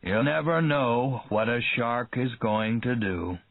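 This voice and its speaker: Gruff sea captain, blunt and unhurried, man reading, phone-like sound. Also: mid-range voice, animated, no echo. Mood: calm. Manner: curt, slow, matter-of-fact. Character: gruff seasoned male shark-boat captain. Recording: tinny phone-like dry sound.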